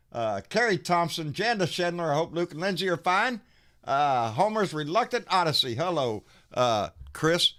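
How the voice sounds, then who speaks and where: A man's voice: fairly high pitch, a bit bright. Man, live-stream host, casual political chat, folksy, cusses, lots of "uh"s. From United States. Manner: folksy, profane, calls viewers "baby", many "uh"s and restarts. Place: home studio in Texas.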